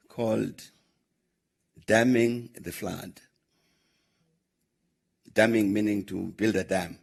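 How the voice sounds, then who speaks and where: In a Q&A, a former head of state, an older South African man, tells an extended anecdote, measuredly relaying past dialogue with many "uh" pauses. His voice is husky, gravelly and fairly low in pitch.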